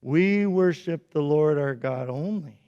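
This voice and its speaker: A man voicing faithful young men who calmly and firmly refuse a king. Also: measured pace, clear, resonant tone, highs cut off, natural voice. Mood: steady. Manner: low, calm, firm. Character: calm faithful young men, steady and brave. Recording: echoey hall.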